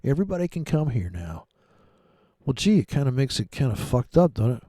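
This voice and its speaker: A man's voice: mid-range voice, big pitch swings, a little fast, mellow, no room sound, clean studio sound. A man giving rambling, sarcastic, profane commentary while trading live. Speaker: day trader streaming live.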